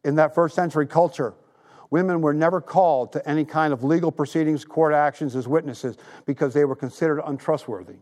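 A man's voice: on the high side, a little fast, a little mellow. A man in his sixties preaching a sermon, retelling a story with emphasis and making earnest appeals. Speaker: pastor.

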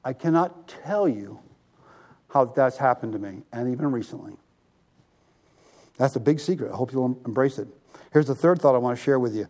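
Animated male pastor preaching. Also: mid-range voice. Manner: animated, drawing the congregation to respond. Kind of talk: sermon.

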